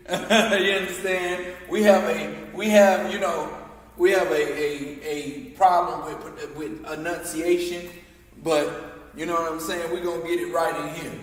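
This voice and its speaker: A man teaching a language class, slowly drawing out and repeating each syllable for the students. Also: on the high side, fairly even intonation. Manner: slow, drawn-out, repeats pronunciations syllable by syllable. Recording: echoey hall, mic far off, faint noise.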